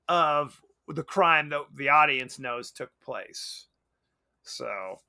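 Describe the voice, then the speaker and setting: A man's voice: sits high, sharp tone. A man co-hosting a podcast, chatting casually and animatedly about a movie, often laughing and acting out lines. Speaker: podcast co-host.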